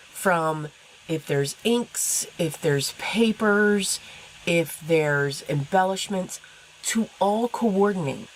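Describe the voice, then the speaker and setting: A woman with a notably low voice and a stuffy, allergy-blocked nose talks through a crafting tutorial at her table. She sounds chatty and easygoing, explaining each step as she works. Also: slight background noise, low-quality recording. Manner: chatty, explains while working. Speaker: card-making crafter.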